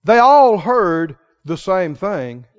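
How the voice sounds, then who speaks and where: A man preaching a passionate sermon, pressing his listeners with rhetorical questions and swinging from hushed tones to loud ones. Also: high-pitched, very animated, slow. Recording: reverberant hall, muffled sound.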